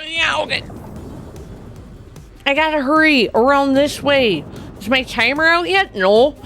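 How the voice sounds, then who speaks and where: Excitable woman streamer yelping at a game. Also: high-pitched, a little slow, a little hiss or hum. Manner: excitable, exclaims and squeals often. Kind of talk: live gameplay commentary.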